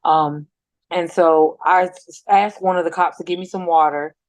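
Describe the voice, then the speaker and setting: A middle-aged woman slowly recounting a painful personal experience, halting and restarting often. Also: lowish voice, steady tone, dry recording. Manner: slow, halting retelling with many restarts and fillers. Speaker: mother telling her story as a guest. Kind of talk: emotional personal account.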